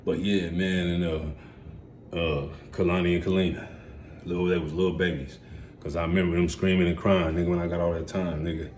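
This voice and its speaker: A man in his forties telling his life story in a casual, rambling way, heavy on street slang, dropping to mumbles and then jumping up loud and excited. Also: low-pitched, brisk, a little hiss or hum. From United States.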